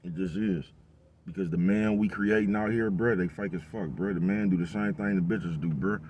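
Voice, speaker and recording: Deep-voiced man rambling in street slang. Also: fairly even intonation, normal speed, a little mellow, slight background noise. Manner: rambling, profane street slang, repeats "bruh" and "you know what I'm talking about". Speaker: vlogger. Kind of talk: casual monologue.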